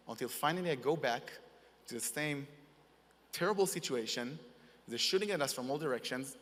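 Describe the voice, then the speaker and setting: A young man giving a halting, earnest personal testimony in as a wounded soldier receiving an award. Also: fairly high pitch, a bit bright. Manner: halting, earnest, in non-native English. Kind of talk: emotional personal testimony speech. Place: large conference hall. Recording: reverberant conference hall.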